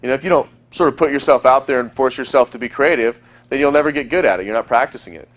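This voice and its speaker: A man teaching a recorded lesson as a dating coach. He talks in a quick, chatty way and often acts out example lines. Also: mid-range voice.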